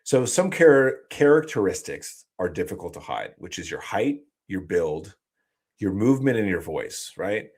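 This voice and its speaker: A man's voice: low voice, big pitch swings, unhurried, darkish tone, slightly rough. A man hosting a live stream, explaining things in a loose, casual way with many fillers and restarts. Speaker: host.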